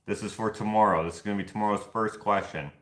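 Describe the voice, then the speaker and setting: Rambling, chuckling man with a low voice. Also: steady tone, fast, a bit bright, roomy sound. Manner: rambling, chuckling, loose and chatty. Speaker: vlog host running a giveaway. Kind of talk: casual chat.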